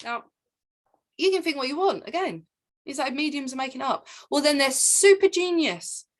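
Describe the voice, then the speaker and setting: A woman, a spiritual teacher, telling her own story in an excited, rambling monologue full of repeats and asides. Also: sits high, a little fast. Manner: excitable, repeats herself, jumps between asides.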